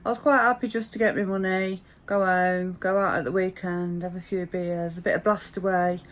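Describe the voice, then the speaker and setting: A woman's voice: on the low side, steady tone, normal speed. Chatty woman telling a story. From English Midlands. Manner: chatty, rambling, frank, many asides. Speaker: vlogger. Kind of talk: casual storytelling monologue.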